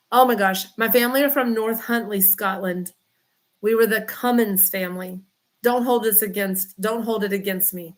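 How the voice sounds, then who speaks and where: A woman's voice: mid-range voice, fairly even intonation, normal speed. A woman, a chiropractor chatting casually on a livestream, rambling and greeting viewers by name. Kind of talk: casual livestream chat reading comments.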